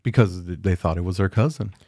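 A man's voice: low-pitched, fast talker, warm tone, no room sound, clean studio sound. A man co-hosting a podcast in casual chat, blunt and profane. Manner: blunt, profane, laid-back. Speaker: podcast co-host.

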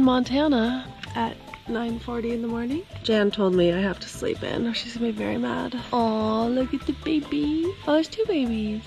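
A young woman with a high, bright-toned voice jokes her way through a casual vlog, crude and playful. She talks outdoors on a rural morning, music running softly behind her. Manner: joking, crude, playful commentary. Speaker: vlogger host.

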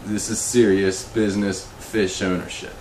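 A man hosting a comedic fish show, talking in an awkward, rambling, deadpan way. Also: roomy sound, slight background noise, low-quality recording. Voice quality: slow, awkward, rambling delivery that becomes emotional and high-pitched. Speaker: comedy web show host.

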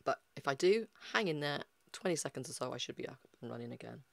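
A man's voice: mid-range voice, animated, fast, creaky, no room sound. A man giving a casual, chatty art lesson on a livestream, explaining with lots of fillers. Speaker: art tutor.

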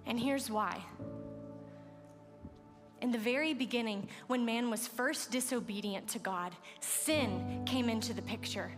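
A woman's voice: fairly high pitch, unhurried, music in the background. A woman giving an earnest, emphatic sermon at a large gathering, moved close to tears and repeating phrases for emphasis. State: tearful, moved. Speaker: speaker. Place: large event hall. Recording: long hall reverb.

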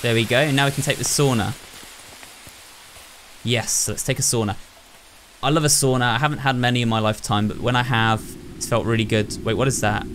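A man's voice: mid-range voice, very noisy. A young man commenting on a horror game playthrough, thinking aloud and talking to his viewers. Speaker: gaming YouTuber. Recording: clear game ambience behind the voice. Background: horror game sounds.

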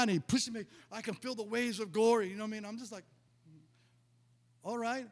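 A man's voice: high voice, animated, fairly quick. A middle-aged man, a pastor, preaching and telling a story, acting out the dialogue and often repeating his words. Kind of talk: sermon with storytelling. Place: church. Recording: long church reverb.

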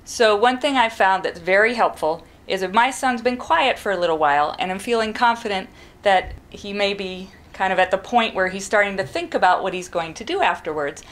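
A middle-aged woman, a parent, calmly explaining step by step how to teach a child to whisper. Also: mid-range voice, brisk. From New England. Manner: calm, practical, demonstrates whispering. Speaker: parent giving advice. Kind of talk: instructional talk to camera.

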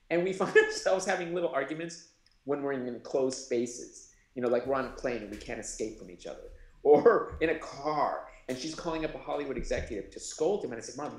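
A middle-aged man, a sign language interpreter and producer, telling lively anecdotes in a live interview and acting out the voices in them. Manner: animated anecdote-telling, acts out voices with big pitch jumps. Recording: roomy echo.

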